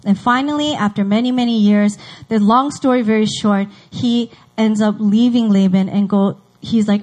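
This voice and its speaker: A woman's voice: mid-range voice, steady tone, moderate pace, a little mellow, rough recording. A woman teaching a Bible story in a casual, chatty way, acting out the characters' lines.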